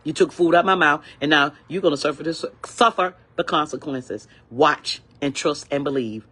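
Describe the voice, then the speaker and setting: A woman's voice: low voice, normal speed, a bit bright, breathy edge. An older woman ranting angrily in a vlog, repeating herself with indignant, preachy emphasis. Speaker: vlogger. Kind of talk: angry complaint rant.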